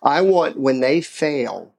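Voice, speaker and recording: A middle-aged man, a father of grown children, talking earnestly about parenting and faith in a casual chat, telling stories with animated asides. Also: on the high side, slow, gravelly.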